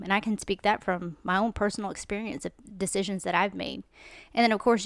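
This woman in her forties hosts a podcast, delivering an earnest, conversational devotional talk on the Bible. Her mid-range voice is clear and resonant, with no room sound at all.

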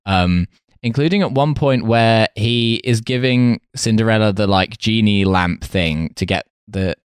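A man's voice: lowish voice, unhurried, smooth, dry recording, clean studio sound. A man co-hosting a podcast in casual chat, rambling with lots of fillers and laughter. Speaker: podcast co-host.

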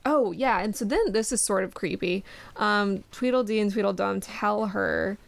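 Woman, podcast host, casual book chat, gravelly fry, laughs easily. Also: mid-range voice, normal speed. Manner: chatty, laughs easily, reads passages aloud.

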